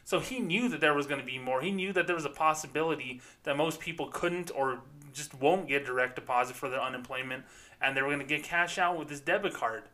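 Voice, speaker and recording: A man's voice: a little high, a little fast, bright, forceful tone. A man hosting a podcast, ranting sarcastically and with profanity about banking, speaking as a former bank employee. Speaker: podcast host. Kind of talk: ranting commentary.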